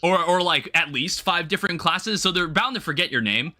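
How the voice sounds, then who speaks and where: A man's voice: fairly high pitch, fairly quick, bright, forceful tone. A man livestreaming a game, chatting casually with viewers in a rambling, self-correcting way with the odd light swear. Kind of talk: casual gameplay commentary.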